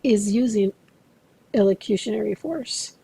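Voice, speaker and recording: Woman lecturer, recorded class, mellow voice with some fry, steady explanatory delivery. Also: medium pitch, rough recording. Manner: explanatory, measured, addresses students directly. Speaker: interpreting instructor.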